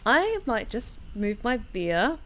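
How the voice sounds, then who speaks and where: A woman's voice: on the high side, big pitch swings, slow, a bit bright. A woman streamer giving casual, swear-filled gaming commentary from her desk. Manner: chatty, swears freely, reacts aloud. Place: home desk with keyboard.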